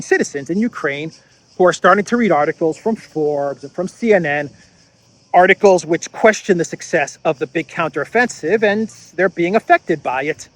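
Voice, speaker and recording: A man's voice: sits high, no room sound. A man hosting casual political commentary, sarcastic, laughing at his own jokes and often repeating and restarting phrases. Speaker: host.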